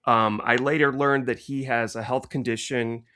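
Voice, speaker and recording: A middle-aged man co-hosting a podcast, telling stories in an animated way and laughing often. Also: mid-range voice, normal speed, slight background noise. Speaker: podcast co-host. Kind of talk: casual podcast chat.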